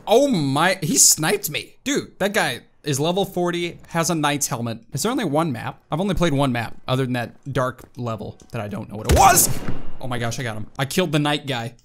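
An excitable man talking through a first-person shooter, his pitch swinging widely as he yelps and exclaims. His voice sits a little high for a man. Gunshots and game effects crackle loudly under everything he says. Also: a little fast. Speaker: gaming YouTuber. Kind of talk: casual let's-play commentary. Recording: loud game gunfire behind voice. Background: video game gunshots and effects.

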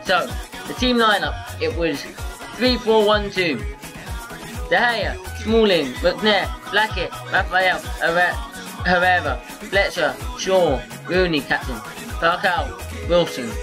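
Excitable rambling guy over music. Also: sits high, slow pace, low-quality recording. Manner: rambling, excitable, repeats and restarts himself. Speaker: football vlogger. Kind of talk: casual match review to camera.

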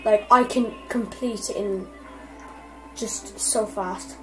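A young woman giving casual, excitable commentary over gameplay and swearing constantly at her opponents. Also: mid-range voice, slow pace, low-quality recording. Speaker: gamer. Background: faint game music.

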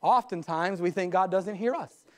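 A man's voice: high-pitched, normal speed. A pastor preaching a live sermon in his church, who often asks the congregation questions and tells stories to make his points.

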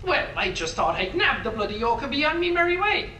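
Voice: high-pitched, big pitch swings, a little fast, sharp tone, a little hiss or hum, heavily acted. A voice actor playing a nervous male factory worker, rambling through a story. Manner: nervous, rambling, swears mildly. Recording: echoey tape recording from a distance.

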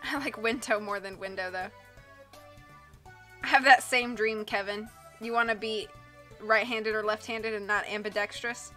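Casual, chatty woman reading on a live stream, bright and higher-voiced, faint music behind. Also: steady tone, normal speed, pauses often. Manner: chatty, giggly, casual with viewers. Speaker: audiobook reader and live streamer. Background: faint background music.

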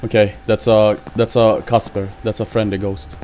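A man's voice: fairly low pitch, little pitch movement, normal speed, dark tone, slight background noise. A man commentating a horror game, easily frightened, swearing a lot, shrieking and talking himself down with repeated reassurances. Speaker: gameplay commentator. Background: game music.

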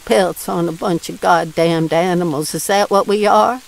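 A woman's voice: fairly low pitch, moderate pace, creaky. An actress playing a destitute older woman ranting, in an audio drama. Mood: brooding. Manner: furious ranting, drawling rural speech. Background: rain.

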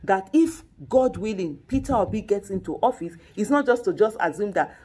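Emphatic husky-voiced woman activist. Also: medium pitch, fairly quick. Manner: emphatic, repetitive, with frequent restarts and rhetorical mock quotes. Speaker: political activist interviewee. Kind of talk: impassioned political commentary.

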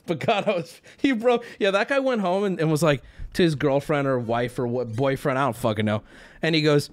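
A male streamer telling a story to his chat in a casual, animated way, laughing, swearing and acting out voices as he goes. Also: a little high, moderate pace.

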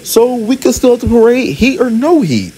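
A man's voice: very high-pitched, sing-song, moderate pace, dark tone, slight background noise, pitched above the performer's own voice, rough recording. A man voicing an anxious, whiny young male train engine who speaks frantically. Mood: worried whining. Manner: frantic, whinging.

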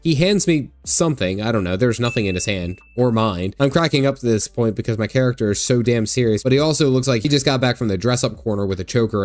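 A man's voice: on the low side, darkish tone, dry recording. A man giving a joking, wisecracking voice-over commentary on a game he is playing, recorded close on a studio mic. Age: young adult to middle-aged. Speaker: gaming YouTuber.

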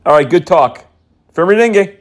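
A man's voice: sits high, expressive, moderate pace. A man making prank phone calls, taunting and mocking, dropping Hindi phrases. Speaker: prank caller.

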